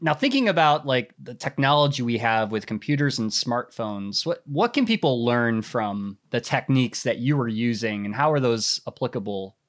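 A male podcast host asks easygoing questions with a very lively, animated pitch. He laughs often between his questions. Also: moderate pace, hardly any pauses. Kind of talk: casual interview questions.

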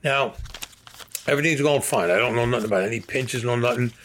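A man's voice: mid-range voice, a little fast, a bit bright, slight background noise. An older man, telling a story in a blunt, profane, streetwise way. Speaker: interviewee.

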